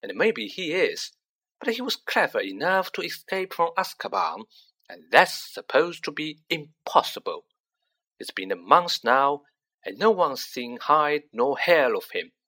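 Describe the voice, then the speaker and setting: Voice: mid-range voice, very animated, measured pace, pushed and bright, voice pushed up, exaggerated voice. A reader doing a heated, earnest storybook father.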